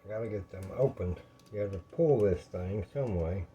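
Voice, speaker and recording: A man's voice: fairly low pitch, normal speed, warm tone, highs cut off, slight background noise. A man, chatting in a folksy, rambling way to his viewers while he cooks in his home kitchen. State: out of breath. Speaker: home cooking vlogger. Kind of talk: casual cooking talk to viewers.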